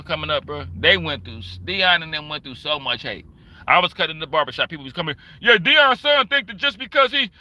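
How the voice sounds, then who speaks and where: Man, livestream rant, cutting sharp voice, dry close sound, profane and emphatic. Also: fairly high pitch, no room sound. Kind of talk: casual ranting commentary.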